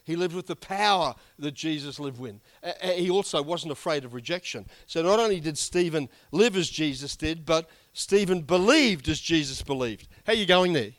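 Hoarse man preaching, higher pitched, chatty and emphatic. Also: animated, normal speed, few pauses. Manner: conversational and emphatic, with asides and chuckles. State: hoarse, losing his voice. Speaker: pastor. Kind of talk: sermon.

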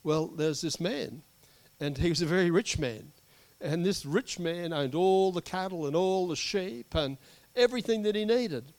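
A man voicing an ancient prophet who tells a pointed parable in a measured, plain way. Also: sits high, a little mellow, pitched above the performer's own voice. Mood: earnest. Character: earnest ancient prophet, calm and pointed storyteller.

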